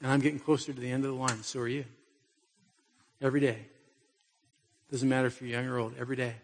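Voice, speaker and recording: Husky-voiced male pastor preaching. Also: medium pitch, little pitch movement, quick pace, long reverb tail. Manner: conversational storytelling with pointed rhetorical questions. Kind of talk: sermon.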